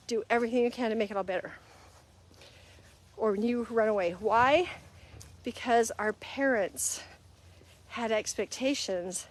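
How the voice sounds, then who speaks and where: Middle-aged woman hosting a live stream, kinda high voice, earnest and chatty, acts out little back and forths. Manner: earnest, conversational, acts out little quoted exchanges. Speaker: host. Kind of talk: casual live-stream talk.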